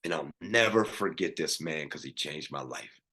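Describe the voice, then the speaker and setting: A middle-aged man, a podcast guest, telling a personal story in an earnest, animated way with many restarts. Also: very deep voice, moderate pace.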